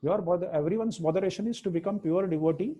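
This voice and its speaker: Husky middle-aged Indian man teaching. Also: high-pitched, fast talker, dark tone, low-quality recording. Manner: storytelling, mixing Hindi and English, acting out quotes. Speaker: spiritual teacher. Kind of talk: informal religious class.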